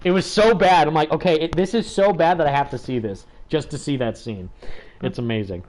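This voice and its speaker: A man's voice: fairly high pitch, a little fast, a little mellow. A man hosting a gaming livestream, talking in a chatty, rambling way with lots of fillers. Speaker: livestream host.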